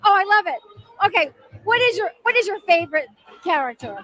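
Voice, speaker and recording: A woman's voice: very high voice, big pitch swings, fairly quick, sharp tone. A woman hosting a late-night TV show, interviewing celebrities in a bubbly, gushing manner and calling herself by name. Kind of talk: red-carpet celebrity interviews.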